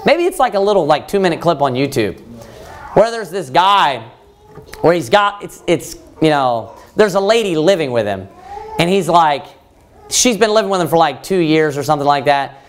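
A man preacher giving a verse-by-verse sermon, animated and conversational, often restarting his sentences. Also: on the high side, moderate pace, slight background noise. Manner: animated, with frequent restarts and rising emphasis.

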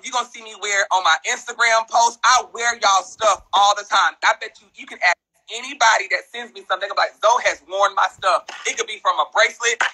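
A social media personality on a phone livestream, this man has a high, sharp, slightly rough voice captured on a rough recording. He rants bluntly and profanely, talking fast.

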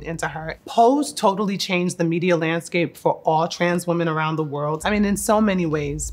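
A woman in her thirties from Newark looks back on her acting career in a casual retrospective. Her voice sits a little low. She talks effusively and from the heart, and drops in playful asides. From Newark, New Jersey. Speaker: actress.

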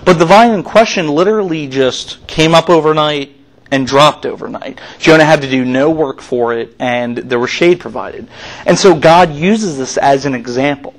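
Youth pastor guy, kinda high voice, chatty laid-back sermon, lots of uhs. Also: moderate pace, poor audio. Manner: casual, chatty preaching with fillers. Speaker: youth minister. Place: church.

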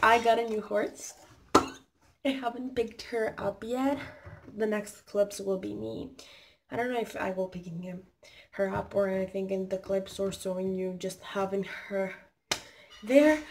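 A teenage girl talks slowly into her phone with a slightly high voice, gushing and halting as she repeats herself. Faint noise sits behind her. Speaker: vlogger. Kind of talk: casual excited vlog.

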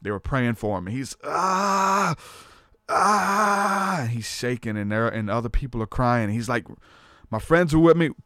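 A man's voice: medium pitch, brisk, smooth, dry recording, clean studio sound. A man hosting a podcast, telling a personal faith testimony in casual talk, earnest and storytelling, often saying "man". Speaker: podcast host.

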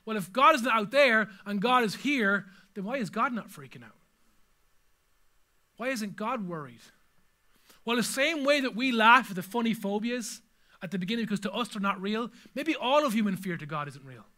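Bright high-voiced male preacher. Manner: dramatic, swings from loud panicked cries to hushed low asides. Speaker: pastor. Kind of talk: sermon. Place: church hall with a congregation.

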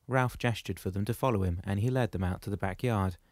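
A man narrates a novel in a steady, measured way. His voice sits low. The recording is close and dry. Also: dry recording. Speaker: audiobook narrator. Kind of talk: scripted narration.

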